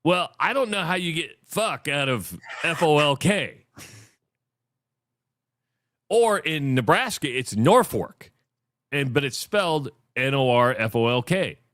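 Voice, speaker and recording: A man's voice: on the high side, animated, unhurried, fairly bright tone, dry recording, clean studio sound. A chatty man co-hosting a radio show who reads ads and talks casually with many restarts. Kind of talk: casual radio chat and ad read.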